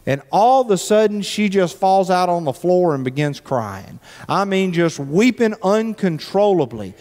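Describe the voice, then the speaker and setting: A man's voice: high-pitched, sing-song, a little slow, a little mellow. A man preaching a sermon as a pastor, in a conversational, joking way, often repeating words as he restarts, in a church. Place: church sanctuary. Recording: echoey church hall.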